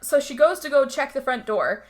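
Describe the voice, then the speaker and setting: A woman co-hosting a podcast, recapping a movie in casual chat as an animated storyteller who swears freely. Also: high-pitched, normal speed. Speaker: podcast co-host.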